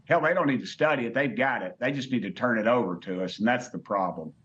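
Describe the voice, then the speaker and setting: A man's voice: medium pitch, quick pace, a bit bright, highs cut off. A man with a Southern US accent, a congressman speaking as a guest in a TV interview, folksy and blunt with many restarts. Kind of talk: remote TV interview.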